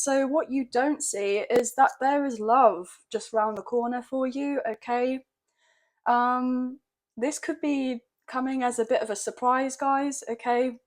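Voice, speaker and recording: Heavy background noise surrounds a woman whose voice sits on the high side as she does a tarot reading at a normal speed. Gentle and emotional, she chats away and keeps checking in with viewers by saying "okay, guys." She sounds somewhat croaky.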